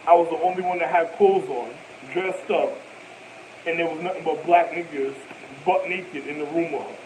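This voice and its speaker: A young man telling a rambling, animated personal story in profane street slang, full of repetitions and asides. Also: a little high, normal speed, noisy background. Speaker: vlogger.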